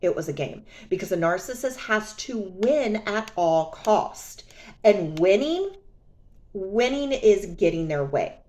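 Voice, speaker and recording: A young adult woman telling a personal story in a casual vlog, sassy and animated, often mocking others. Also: medium pitch, takes it slowly. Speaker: vlogger.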